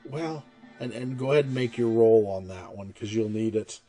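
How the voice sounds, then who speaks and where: A man narrating as game master of a tabletop game in a loose, halting way. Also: lowish voice, dark tone, faint music behind.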